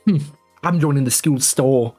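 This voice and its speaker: A man's voice: mid-range voice, normal speed, mellow, faint music behind, natural voice. A man voicing a brash, cheeky young girl from a video game, attempting a Scottish accent that keeps slipping.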